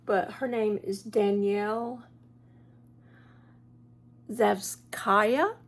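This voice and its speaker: A woman's voice: mid-range voice, fairly even intonation, extremely slow. A middle-aged woman, rambling casually through a home vlog in her living room and often trailing off to start over. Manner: rambling, chatty, trails off and restarts. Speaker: vlogger.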